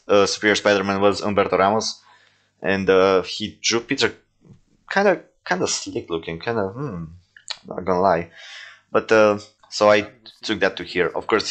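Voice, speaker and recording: Low-voiced man rambling over his toy films. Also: a bit bright. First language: not English. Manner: rambling, with frequent fillers and self-corrections. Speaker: toy film creator commenting on his own movies. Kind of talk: casual reaction commentary.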